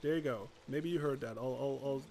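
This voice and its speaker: A man's voice: medium pitch, a little fast, a little mellow, slight background noise. A man streaming a video game, chatting casually as he plays, laughing often and swearing freely. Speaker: gaming streamer. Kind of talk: gameplay commentary.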